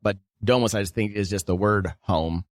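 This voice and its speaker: A man's voice: on the low side, normal speed, dry recording, studio quality. A man co-hosting a casual book discussion podcast, loose and laid-back, swearing now and then. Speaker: podcast co-host.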